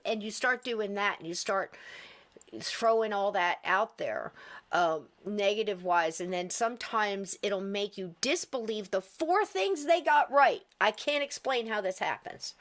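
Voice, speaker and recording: A woman's voice: medium pitch, expressive, measured pace, fairly bright tone. Woman podcast host, casual and talkative, easy laughter. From US East Coast. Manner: chatty, rambling, laughs often.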